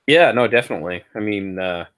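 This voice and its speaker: A man with a fairly low voice, co-hosting a casual podcast chat. He is relaxed and curious, and he asks many questions. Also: a little fast, clean tone.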